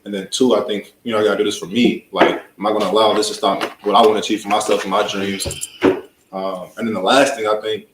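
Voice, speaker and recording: A young man talks fast and loosely, piling on fillers as he tells his story. His voice sits a little low. The sound carries a noticeable room echo. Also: flat delivery, very noisy. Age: young adult. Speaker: college student panelist. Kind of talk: casual discussion.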